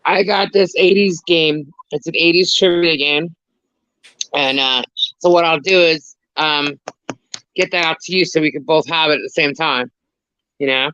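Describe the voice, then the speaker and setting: A man's voice: fairly high pitch, steady tone, normal speed, pushed and bright, smooth, no room sound. A man with a New York accent co-hosting a casual live chat, talking in a rambling, chatty way with frequent laughs over a lo-fi online call. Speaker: co-host of a live chat stream. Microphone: video call mic. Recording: dull, lo-fi online call audio.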